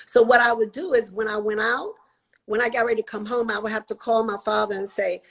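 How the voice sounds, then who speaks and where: Sixties woman telling her story on a podcast, kinda husky, acts out everybody's lines. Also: fairly high pitch, brisk, rough recording. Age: 60s. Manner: animated storyteller, acts out quoted voices. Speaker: guest. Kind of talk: interview storytelling.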